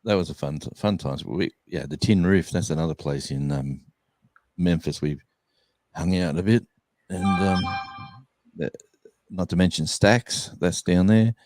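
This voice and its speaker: A low-voiced Australian man rambles through an anecdote in relaxed chat. His sound is dry and close, with no room around it. He stops, restarts and fills gaps with ums as he goes. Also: a little slow, no echo. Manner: rambling, many fillers and restarts. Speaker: guest musician. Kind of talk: casual storytelling chat.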